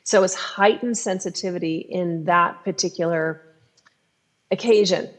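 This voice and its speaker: Woman therapist explaining calmly. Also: on the low side, measured pace. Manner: calm, explanatory, instructive. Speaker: clinical sex therapist. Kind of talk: podcast advice discussion.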